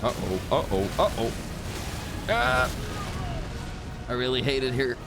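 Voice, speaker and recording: A man's voice: mid-range voice, fairly quick. Cursing gamer man over game music. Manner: swearing, frustrated, breaks into shouts. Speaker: streamer. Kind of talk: live gameplay commentary.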